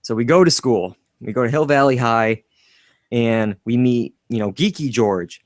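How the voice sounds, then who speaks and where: A man's voice: medium pitch, moderate pace, no room sound. Chatty man, dry close sound. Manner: animated, laughs often, acts out quotes. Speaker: podcast co-host. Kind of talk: casual film discussion.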